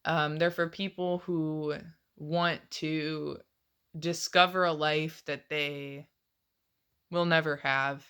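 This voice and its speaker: A woman's voice: sits low, fairly even intonation, slow pace, fairly bright tone, clear, resonant tone. A woman in her late twenties rambling casually in a confessional vlog, swearing often and laughing between phrases. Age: late 20s. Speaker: vlogger.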